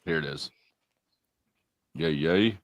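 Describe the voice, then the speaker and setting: A man's voice: a bass voice, takes it slowly, dry recording. A man commentating casually on a video during a livestream and pointing out the action with enthusiasm.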